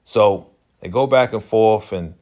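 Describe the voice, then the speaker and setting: A man's voice: fairly low pitch, a little slow, darkish tone. A man giving a casual, chatty recap of a TV episode, loose and full of slang and "you know" fillers. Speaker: TV recap channel host.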